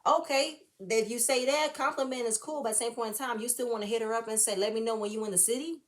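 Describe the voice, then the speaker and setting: A woman's voice: on the high side, fast. A woman giving a blunt, fired-up, profane recap and review of a reality show episode. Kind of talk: casual opinionated recap.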